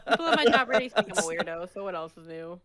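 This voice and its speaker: A woman's voice: on the low side, racing. A young woman co-hosting a casual podcast, telling stories with laughter. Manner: laughing, animated storytelling. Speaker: podcast co-host.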